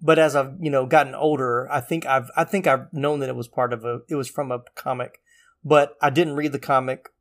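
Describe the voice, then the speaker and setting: A man's voice: medium pitch, steady tone, brisk. A man co-hosting a podcast, talking casually in a rambling way. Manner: chatty, rambling, laughs often. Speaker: podcast co-host.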